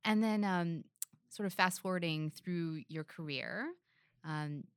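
A woman's voice: on the low side, takes it slowly, smooth, no room sound, studio quality. A woman hosting a podcast interview, listening attentively and recapping her guest's career. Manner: attentive, frequent short affirmations. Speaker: podcast host.

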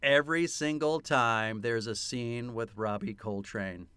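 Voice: medium pitch, fairly even intonation, unhurried, a bit bright, clean tone, no echo. A podcast co-host in casual chat about a film, enthusiastic, swearing freely and laughing often.

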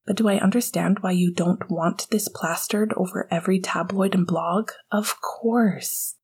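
A woman voicing a gentle, devoted young man comforting his partner in a whispered role-play, soft and earnest. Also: lowish voice, fairly even intonation, unhurried, breathy edge, full character voice. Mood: soothing.

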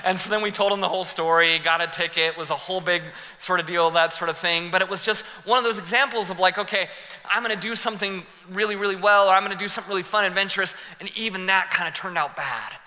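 A young man preaching a sermon as pastor, telling stories in a lively way, laughing and acting out the scenes. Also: high-pitched, fast. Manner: animated, laughing storyteller who acts out scenes. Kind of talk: sermon with personal storytelling. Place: church hall. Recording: long hall reverb.

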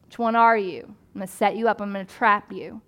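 A woman pastor delivers a sermon in a relaxed, conversational way. Her voice sits at a middling pitch, and she animates the story with quick asides and playful voices for the people in it.

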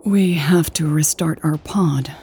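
A woman voicing a cautious, worried young woman who speaks quietly in an audiobook. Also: low voice, takes it slowly, a little hiss or hum. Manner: quiet, hushed.

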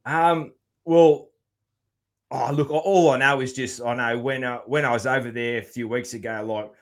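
A man's voice: mid-range voice, fairly even intonation, moderate pace. A man with an Australian accent hosting a casual podcast chat, laid-back and loose-tongued, swearing casually and padding his talk with fillers. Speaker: podcast host.

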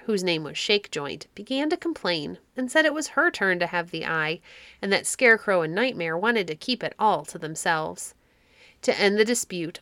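A woman reading a children's classic story aloud, with expressive narration. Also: on the low side, dry recording.

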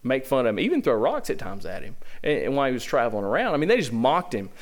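Preaching to his church as senior pastor, a man with a Southern American accent leans on rhetorical questions in an emphatic style. His mid-range voice swoops wildly in pitch and moves fast, filling the church sanctuary.

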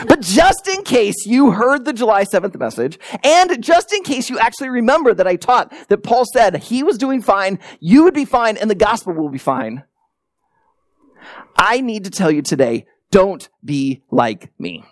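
Conversational male pastor with a lively voice. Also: sits high, moderate pace, no room sound, clean studio sound. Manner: conversational, self-deprecating storytelling. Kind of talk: sermon. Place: church sanctuary.

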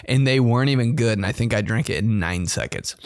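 A man's voice: medium pitch, a bit bright, a little hiss or hum. A young man hosting a podcast, telling a story in a casual, profane, slangy way and laughing often. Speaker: podcast host.

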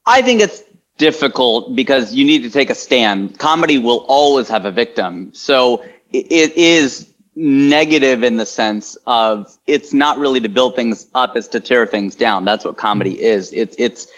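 A man who is a comedian, chatting in an interview and telling stories in an animated way, jumping into high voices for quotes. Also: moderate pace, highs cut off. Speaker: comedian guest. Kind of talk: casual interview talk.

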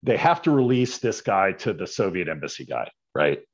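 A man casually telling a story as a podcast guest, animated and often tagging his lines with "right?". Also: low voice, normal speed, dull audio.

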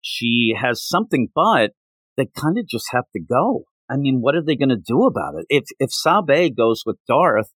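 Man, podcast host, casual rambling chat, animated, close dry mic. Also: medium pitch, moderate pace, breathy edge, dry recording. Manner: rambling, animated, with filler words. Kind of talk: casual chat recapping a comic.

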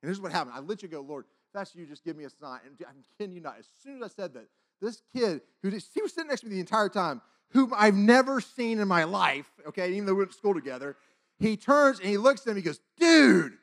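Guy preaching his story, kinda high voice, acts out all the lines, gets loud then real quiet. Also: fast talker. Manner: animated storytelling, acts out dialogue, swings from loud to hushed. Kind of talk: sermon testimony.

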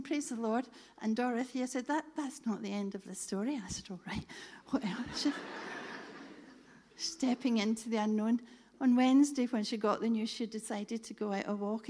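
A middle-aged woman telling a lively faith story to a church audience, acting out the dialogue. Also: on the high side. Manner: lively, animated storytelling, quoting others in dialogue. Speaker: speaker telling a testimony.

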